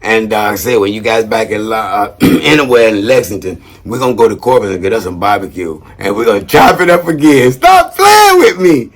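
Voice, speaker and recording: A man's voice: fairly low pitch, lively intonation, fairly quick, hardly any pauses. A man casually talking to camera as a vlogger, upbeat and rambling, with lots of slang and a habit of tacking "man" onto his sentences. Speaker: vlogger shouting out veterans.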